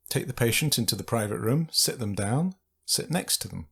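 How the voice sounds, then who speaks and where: A man giving calm, measured instructional voice-over for a staff training video. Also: fairly low pitch, vocal fry, slightly rough. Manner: calm, measured, reads out example phrases. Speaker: training narrator.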